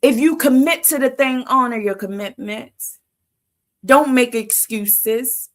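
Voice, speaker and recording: A woman's voice: on the high side, takes it slowly. A woman hosting a livestream who gives a motivational talk in casual vernacular, asking "Why?" before each answer. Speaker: livestream host.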